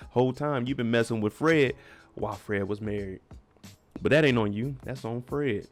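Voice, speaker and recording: A man's voice: lowish voice, moderate pace, a little mellow, faint music behind. A man giving a chatty, slangy, opinionated recap of a TV episode. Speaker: TV recap vlogger. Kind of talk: casual recap commentary.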